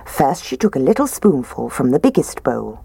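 A woman reading a children's story aloud in a gently animated, expressive way. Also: extremely low pitch, moderate pace, vocal fry, breathy edge, no room sound.

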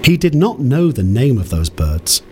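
A man narrating a children's fairy tale in a calm, measured storytelling voice. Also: mid-range voice, a little hiss or hum.

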